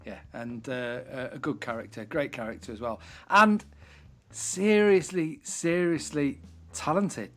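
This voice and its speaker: A man's voice: medium pitch, unhurried. A man co-hosting a casual podcast, teasing his partner and introducing the guest. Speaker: podcast co-host.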